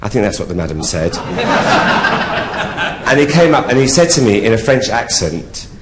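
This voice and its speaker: A man's voice: fairly low pitch, big pitch swings, normal speed, heavy background noise. A man doing live drag stand-up comedy, bawdy and camp, laughing at his own jokes on a theatre stage. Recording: echoey theatre with audience ambience.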